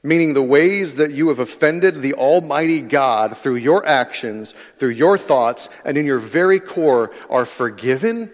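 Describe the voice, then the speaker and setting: A man preaching a sermon in an earnest way, repeating key phrases for emphasis. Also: medium pitch. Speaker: pastor. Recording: long hall reverb.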